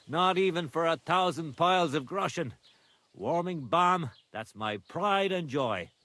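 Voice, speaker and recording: An actor playing a proud, stubborn village brewer in game dialogue, gruff and boastful as he flatly refuses to share his secret recipe. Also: on the high side, slow, dry recording, heavily acted.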